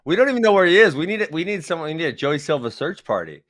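A man co-hosting a casual chat, telling stories in an animated way and breaking into laughter. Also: a little high, rapid-fire, no room sound, studio quality. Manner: animated storyteller, bursts of laughter. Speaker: podcast co-host, former wrestler.

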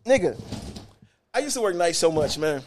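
A man with a Detroit accent, a former bus driver hosting a podcast, telling wild stories in a loud, profane, animated way that drops to mutters. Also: sits high, normal speed, slight background noise. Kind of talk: casual storytelling chat.

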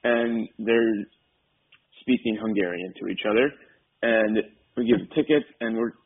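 Man co-host, husky, rambling storyteller, over a thin phone-like radio line. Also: on the low side, steady tone, a little slow. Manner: rambling storyteller, many fillers. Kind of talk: casual chat. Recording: tinny phone-like radio audio.

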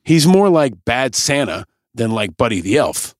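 A man's voice: mid-range voice, big pitch swings, a little slow, dry recording, studio quality. A man hosting a podcast, delivering scripted, sarcastic and pointed political commentary. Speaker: podcast host.

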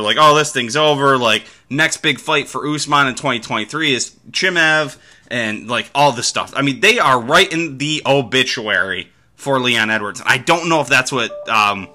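A man's voice: mid-range voice, pushed and bright. A man hosting a podcast, talking through fights in casual sports commentary, rambling with restarts and the odd swear. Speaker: podcast host.

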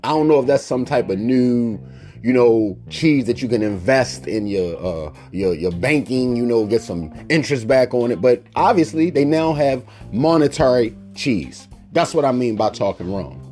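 Animated, mock-indignant podcast host, a man. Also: medium pitch, moderate pace, faint music behind. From Baltimore, Maryland. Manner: animated storytelling, acting out quoted people. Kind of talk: solo podcast monologue.

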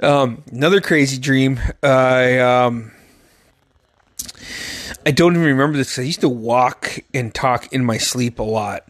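A young man telling his dream stories in a casual monologue, swearing constantly and acting out the voices and yells. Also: mid-range voice, a little slow, no room sound. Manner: profane, animated, acts out quotes with loud yelps. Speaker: storyteller.

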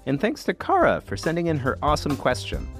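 A man's voice: a little high, wildly swooping pitch, fast talker, a bit bright, soft background music. A man co-hosting a science podcast for kids, playful and jokey. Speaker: co-host.

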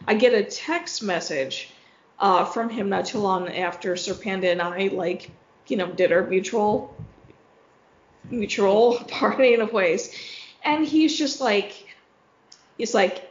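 A woman's voice: medium pitch, takes it slowly, slight background noise. Young woman rambling through a story w/ her friends, fillers everywhere, echoey dull sound. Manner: chatty storyteller, full of fillers and laughs. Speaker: podcast co-host. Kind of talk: casual chat among friends.

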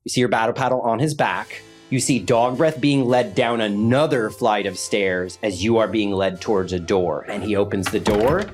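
A man narrating a tabletop game as game master, animated and often laughing. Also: fairly low pitch, normal speed, few pauses, soft background music. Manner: animated, laughing, slips into voices.

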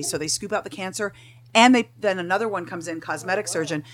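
A woman's voice: lowish voice, quick pace. A middle-aged woman, a podcast guest, telling her own stories in casual chat, blunt and profane, acting out the people she quotes. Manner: blunt, profane, animated storytelling.

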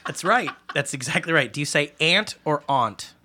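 A man co-hosting a podcast, teasing the guest with jokey quick questions. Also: a little high, noisy background. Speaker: podcast co-host. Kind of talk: casual podcast interview.

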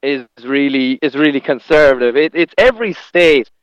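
Rambling comedian, clear and dry. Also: male voice, medium pitch, lively intonation, moderate pace, no echo, dull audio. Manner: rambling, with restarts and laughs. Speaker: stand-up comedian. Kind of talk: casual conversation.

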